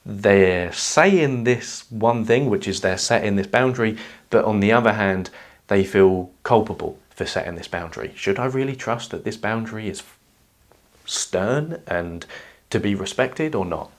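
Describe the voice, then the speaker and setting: A man calmly explaining social skills in a measured whiteboard lesson. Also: on the low side. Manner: calm, measured teaching delivery. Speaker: self-help educator.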